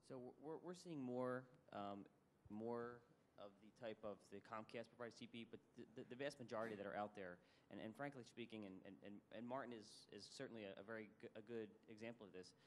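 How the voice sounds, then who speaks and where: A man speaking on a conference panel as a service provider, talking quickly and often repeating words as he restarts. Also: fairly low pitch, a little hiss or hum.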